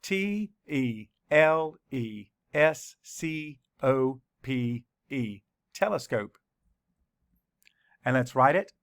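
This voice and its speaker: Guy teacher going thru a kids spelling lesson, real slow, gravelly voice, dry close sound. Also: mid-range voice, lively intonation, fairly bright tone, no echo. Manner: slow, deliberate letter-by-letter spelling.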